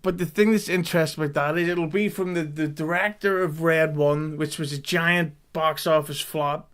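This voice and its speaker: A man co-hosts a podcast, offering wry, critical takes in loose conversation. His voice is fairly high for a man, smooth and resonant. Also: steady tone, normal speed, fairly bright tone. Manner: wry, dry critical commentary. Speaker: podcast co-host. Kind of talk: casual chat.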